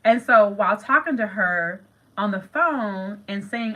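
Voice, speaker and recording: A woman's voice: medium pitch, moderate pace, bright, forceful tone, poor audio. A middle-aged woman hosting a manifestation channel, talking casually and emphatically to viewers, repeating phrases and calling them "you guys". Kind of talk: casual talk to camera.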